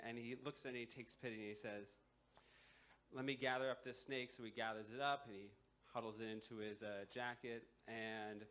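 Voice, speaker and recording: Brief: young male storyteller, mid-pitched, relaxed and wry, lots of ums. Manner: casual, filler-heavy, wry asides. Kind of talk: live folktale storytelling. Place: live university culture show.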